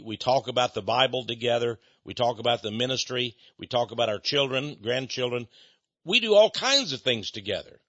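Heard on a dull, dry lo-fi recording, this older man preaches in a folksy, talkative way, often laughing and performing the voices of people he quotes. His medium-pitched voice sounds bright and forceful.

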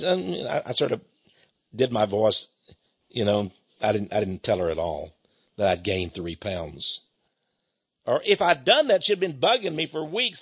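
Older man, folksy and lively, husky. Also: mid-range voice, measured pace, long pauses. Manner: folksy, chuckling, stammering restarts. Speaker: radio ministry host. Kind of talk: conversational radio monologue. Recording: dull lo-fi broadcast audio.

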